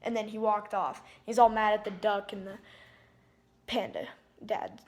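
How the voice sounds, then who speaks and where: A woman's voice: mid-range voice, steady tone, measured pace, a little mellow. A woman casually retelling a film's plot in a rambling way, full of "like" and restarts. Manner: rambling, heavy use of "like", frequent restarts. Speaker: movie reviewer.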